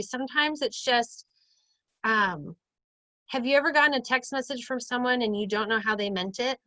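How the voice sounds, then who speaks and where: Upbeat woman host in her thirties, chatty, bright voice, dry close sound on a video call. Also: on the high side, normal speed, no room sound, poor audio. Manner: chatty and upbeat, acts out quoted lines. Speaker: group chat host. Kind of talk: casual motivational group video chat.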